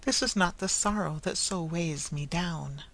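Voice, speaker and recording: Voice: mid-range voice, a little slow, a bit bright. A reader voicing a tender, grieving blind young woman who speaks with earnest pleading.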